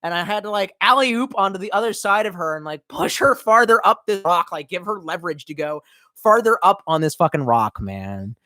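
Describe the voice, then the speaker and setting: A man's voice: sits high, sing-song, a little fast, pushed and bright, no room sound. A young man streaming, telling a long rambling story in casual, profane talk.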